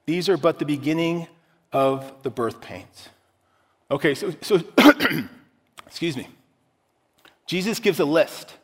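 A man preaching a sermon, teaching through a Bible passage in a conversational, animated way and often repeating himself. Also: fairly high pitch, big-room sound. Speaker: pastor.

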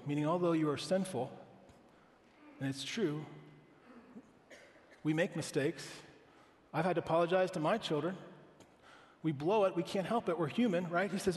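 Man, pastor, sermon, earnest and conversational, slightly high voice, long hall reverb. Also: normal speed, pauses often. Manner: earnest, conversational preaching with rhetorical questions.

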